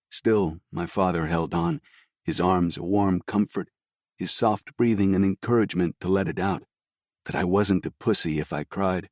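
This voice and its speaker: An audiobook narrator with a deep, slightly mellow voice delivers scripted first-person narration of a story. The recording is clean studio sound with no room sound.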